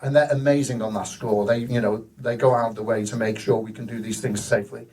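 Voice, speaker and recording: A man's voice: mid-range voice, steady tone, fast, a little mellow, far from the mic, poor audio. A man, a hospital cinema manager telling rambling, enthusiastic stories in a live stage interview. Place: live show venue.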